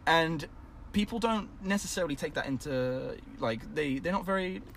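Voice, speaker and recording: A man's voice: on the high side, expressive, normal speed, vocal fry, crowd noise. A man hosting a casual group chat, talking in a reflective, rambling way with many fillers.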